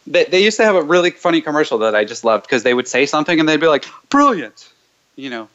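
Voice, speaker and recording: A man hosting a call-in coaching show, chatting loosely and then reciting repeated clearing statements in a low, steady way. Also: fast, muffled recording. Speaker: host leading callers through clearing statements.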